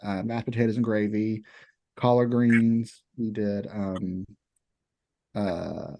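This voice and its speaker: Slow and steady, with a fairly low, darkish voice, a young man from Kentucky rambles about cooking as a podcast co-host and chef. His casual storytelling is thick with fillers.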